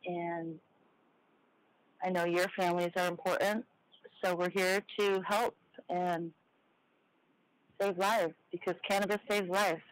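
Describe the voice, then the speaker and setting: A woman's voice: lowish voice, flat delivery, a little slow, pauses often, rough recording. Sincere woman closing a podcast. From Oregon, United States. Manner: sincere, earnest. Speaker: podcast co-host. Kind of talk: heartfelt closing remarks.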